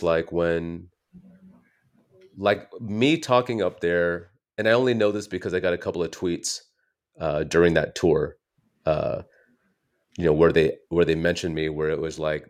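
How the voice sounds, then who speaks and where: A man from the United States, a comedian guest telling stories in casual interview chat, rambling and correcting himself as he goes. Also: sits low. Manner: rambling, self-correcting storyteller.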